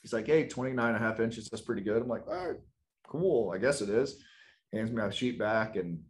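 Casual male storyteller, lower voice, animated, laughs easily, plays out every character in his anecdote. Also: fairly quick. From South Carolina, US. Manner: animated, laughs often, acts out quoted lines. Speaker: guest telling a story.

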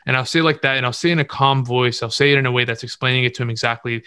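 A man's voice: medium pitch, fairly even intonation, rapid-fire, sharp tone, clear, resonant tone, no room sound. Confident man coaching on podcasting. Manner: confident, instructive, repeats words for stress. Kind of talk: casual interview talk.

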